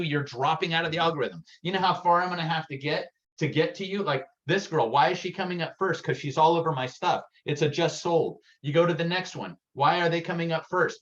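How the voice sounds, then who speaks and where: An energetic man giving a workshop presentation as a real estate sales coach, talking in an excitable, punchy and direct way. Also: on the high side. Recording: dull lo-fi recording.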